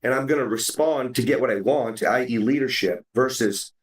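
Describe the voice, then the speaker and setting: A podcast host chatting casually and animatedly, swearing now and then. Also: male voice, medium pitch, normal speed. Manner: animated, acts out quoted dialogue, swears casually. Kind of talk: casual chat. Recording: roomy sound from a distance.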